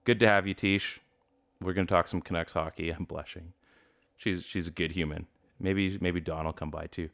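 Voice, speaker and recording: A man co-hosting a casual sports talk show, animated and jokey, laughing often. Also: low-pitched, normal speed, creaky. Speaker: podcast co-host.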